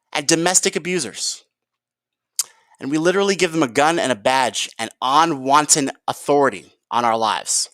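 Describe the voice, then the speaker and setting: A man's voice: a little high, a bit bright, dry recording. A man ranting in a heated, profane vlog commentary and calling his viewers "guys". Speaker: video commentator.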